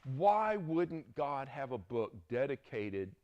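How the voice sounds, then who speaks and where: A man's voice: medium pitch, sing-song, slow, a little mellow, lo-fi sound. A middle-aged man with a Southern US accent, teaching a Bible class in a folksy, storytelling way and often checking in with "right?".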